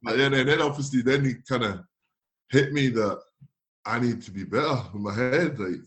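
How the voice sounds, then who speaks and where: French-accented man telling lively stories. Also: mid-range voice, normal speed. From France. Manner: animated anecdotes, acts out quotes, laughs often. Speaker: guest, former footballer. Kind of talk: casual storytelling interview.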